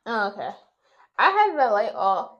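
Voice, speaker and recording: A young woman vlogger telling an exasperated, animated story to her viewers while doing her makeup. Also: fairly high pitch, moderate pace, highs cut off. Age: young adult.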